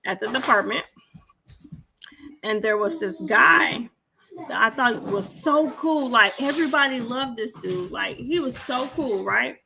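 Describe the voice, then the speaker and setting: A woman's voice: fairly high pitch, animated, a little slow, gravelly, sharp tone, a little hiss or hum. A woman in her forties, a podcast co-host, telling stories animatedly and swearing freely as she acts out the dialogue. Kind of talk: casual storytelling chat.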